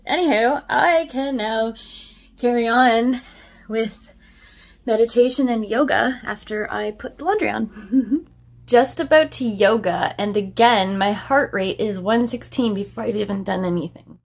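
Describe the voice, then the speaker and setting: A woman's voice: a little high, unhurried, gravelly. A woman vlogging at home, chatting to the camera as she moves between rooms, laughing often and poking fun at herself. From Canada. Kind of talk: casual vlog chat to camera.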